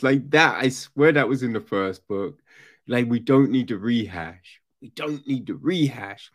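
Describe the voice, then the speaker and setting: A man's voice: medium pitch, expressive, unhurried. A man giving a casual, swear-filled review, ranting with exasperation. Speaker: book reviewer.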